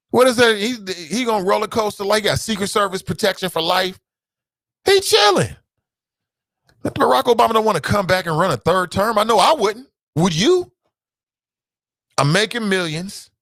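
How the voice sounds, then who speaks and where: A man's voice: fairly high pitch, a bit bright, no echo, studio quality. A man hosting a live talk show, reading viewer comments aloud and bantering casually with his audience. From Cincinnati, United States.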